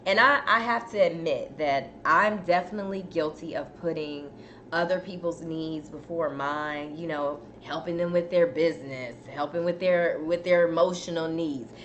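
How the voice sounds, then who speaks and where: A woman's voice: low voice, moderate pace, a bit bright, highs cut off. A woman hosting a casual live chat, talking straight to her viewers and fighting a cough from a dry throat. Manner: chatty, addresses viewers as "y'all". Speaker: host. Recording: faint background noise.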